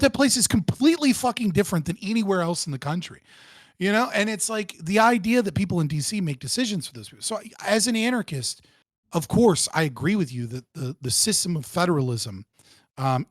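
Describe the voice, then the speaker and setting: A man guest in a casual political debate, animated and profane, who often restarts his sentences. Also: fairly high pitch, no room sound.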